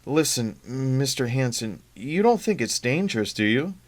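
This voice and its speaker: A man reading aloud, voicing a nervous young man who speaks in quick, raised, stammering lines. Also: mid-range voice, very animated, pitched above the performer's own voice, natural voice. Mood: anxious.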